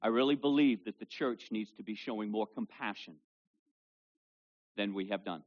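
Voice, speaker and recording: A male pastor preaching a sermon to a congregation with kids present, reading scripture loudly and dropping low for asides. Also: normal speed, muffled recording. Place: church service with children present.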